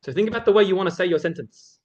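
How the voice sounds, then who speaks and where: Young man, informal talk to students, lively, asks the room questions, slightly muffled lo-fi sound. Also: high voice, very fast. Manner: lively, addresses the audience directly with tag questions. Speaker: speaker at a student religious circle.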